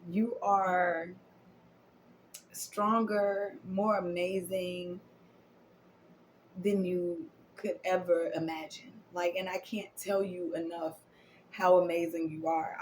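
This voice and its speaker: A woman's voice: on the low side, steady tone, slow pace, slight background noise, rough recording. Emotional woman giving a spiritual card reading. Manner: affirming, repetitive, emotional, drops to whispers. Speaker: tarot and oracle card reader.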